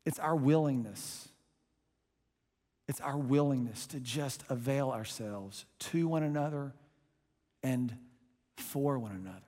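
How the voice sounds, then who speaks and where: A male pastor delivers a sermon with emphatic pushes and sudden hushed drops. His voice sits at an ordinary middle pitch and rings with the long reverb of a large church hall. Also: measured pace, pauses often. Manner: emphatic preaching, swings from loud pushes to soft hushed lines. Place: church auditorium.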